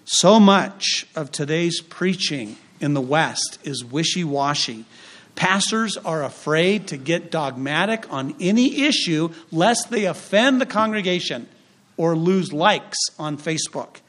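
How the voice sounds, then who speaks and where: A male pastor preaching a sermon, emphatic and punchy, with dramatic pauses, repetition and acted-out quotes. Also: fairly high pitch, animated, fairly bright tone.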